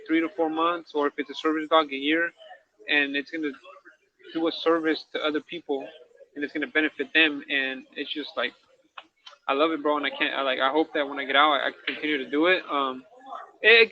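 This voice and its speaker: A man co-hosting a candid casual talk show, rambling in slang and checking in with "right?" as he goes, recorded with dull lo-fi sound. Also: on the high side. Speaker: podcast co-host, incarcerated dog trainer.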